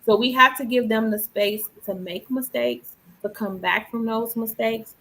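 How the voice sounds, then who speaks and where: A woman's voice: fairly high pitch, moderate pace, pushed and bright, poor audio. A woman co-hosting a casual podcast chat, speaking emphatically and with conviction. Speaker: podcast co-host.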